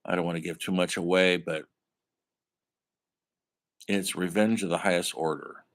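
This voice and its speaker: A man's voice: sits low, fairly even intonation, normal speed. A man teaching a film studies class in a rambling, enthusiastic way, with many fillers and restarts. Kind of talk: casual classroom lecture.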